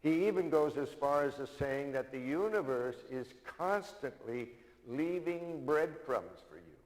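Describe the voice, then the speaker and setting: A male minister preaching an earnest, uplifting sermon at a middling pitch. His voice rings with a long reverb, as if it fills a church hall. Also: lively intonation, unhurried. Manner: tells a joke with put-on Irish voices. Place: church sanctuary.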